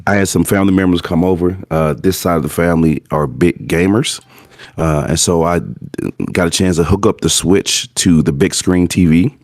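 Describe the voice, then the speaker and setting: A man co-hosting a gaming podcast, talking casually with many fillers and restarts, hoarse from being sick. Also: low voice, moderate pace, a little mellow, dry recording, studio quality. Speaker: podcast co-host.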